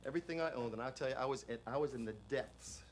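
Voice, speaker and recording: An actor playing a flamboyant middle-aged self-help guru on an infomercial, pitching in a repetitive motivational cadence. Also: male voice, rapid-fire, lightly acted. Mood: confessional. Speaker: infomercial host. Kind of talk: film infomercial performance.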